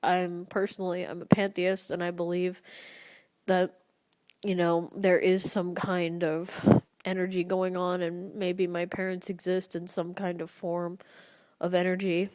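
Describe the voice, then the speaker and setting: Earnest young woman, halting and emotional. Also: on the low side, level tone, darkish tone, no room sound. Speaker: vlogger. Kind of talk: personal confessional vlog.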